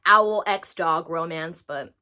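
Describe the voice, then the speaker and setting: A woman's voice: on the low side, takes it slowly, sharp tone. A woman giving comedic movie commentary, sarcastic and incredulous, swearing freely. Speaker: movie reviewer.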